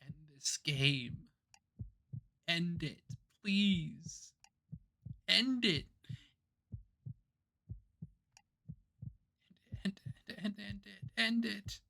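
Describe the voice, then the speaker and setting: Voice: mid-range voice, lively intonation, unhurried, a bit bright, slight background noise, pitched above the performer's own voice. A game streamer voicing a young woman in despair from endless time loops, pleading and desperate. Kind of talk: reading a visual novel aloud.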